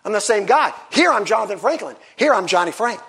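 A pastor in his sixties, a man preaching a sermon in church, animated and acting out the voices he quotes. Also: high voice, brisk, slightly rough.

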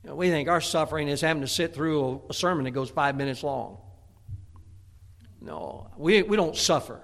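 A man's voice: a little high, normal speed, gravelly, fairly bright tone. A middle-aged man preaching a sermon in a folksy way, often restarting with stammered repeats. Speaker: pastor.

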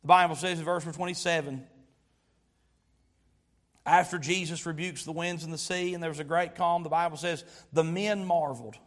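A male pastor, preaching a sermon that moves from quiet storytelling to loud exhortation. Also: a little high, fairly even intonation, moderate pace.

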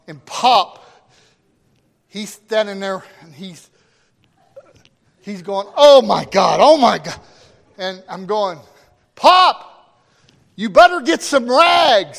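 A middle-aged man, a pastor, telling a folksy story in a sermon with animated quoted voices. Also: high voice, gravelly. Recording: long reverb of a hall.

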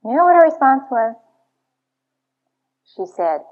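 A woman's voice: sits high, big pitch swings, slow pace. Woman speaker telling stories at a church talk, earnest, kinda muffled old recording. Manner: earnest, confessional storytelling. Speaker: Christian marriage speaker. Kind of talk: teaching talk to an audience. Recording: dull lo-fi recording.

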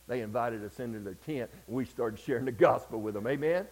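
A man from Georgia with a Southern accent preaches a sermon woven with stories, often calling out for an amen and shifting between loud passages and hushed ones. He speaks fairly quickly at a medium pitch with hardly any pauses, and the audio is poor.

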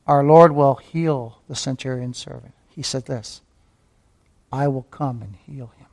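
The man delivering this sermon speaks in a mid-range, slightly mellow voice with vocal fry, taking it a little slow. As pastor, he leans on repeated key phrases and rhetorical questions, addressing listeners as beloved and climbing to fervent emphasis.

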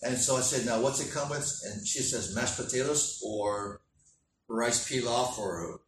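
A man's voice: mid-range voice, a little slow, distant mic, a little hiss or hum. A man preaching, telling a folksy story full of quoted back-and-forth. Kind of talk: sermon storytelling. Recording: echoey room, from the mic.

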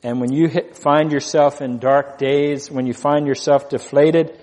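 A man's voice: a little high, fairly even intonation, unhurried, darkish tone, big-room sound. A man preaching a sermon as pastor, earnest, repeating key phrases for emphasis.

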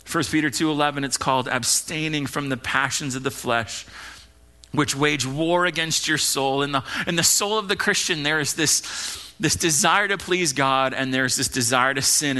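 Bright-voiced preaching pastor, man. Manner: earnest preaching, swings between loud urging and hushed low lines. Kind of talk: sermon.

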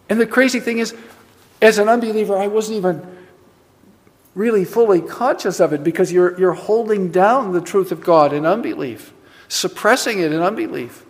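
Emphatic high-voiced male preacher in a reverberant church. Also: moderate pace. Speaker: pastor. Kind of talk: sermon. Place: church sanctuary.

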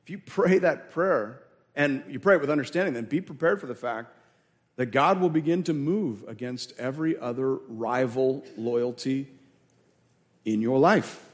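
A man preaching a sermon as pastor, emphatic, repeating key words and asking the congregation questions. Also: mid-range voice. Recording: long hall reverb.

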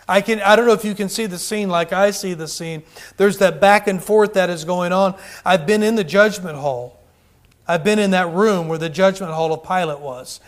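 Male preacher, high voice, fervent sermon delivery with call-outs, roomy hall. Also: moderate pace. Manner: fervent, calls out to the congregation, many restarts.

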